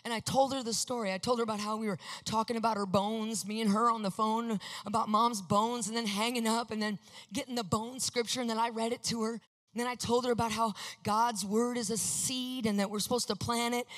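A woman giving an animated faith testimony, acting out quotes with sudden shouts and hushed asides. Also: a little high, brisk.

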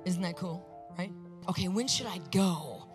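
A woman sharing a personal faith testimony, storytelling in an animated way and acting out the voices she quotes. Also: lowish voice, normal speed, soft background music. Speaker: Christian speaker sharing a testimony.

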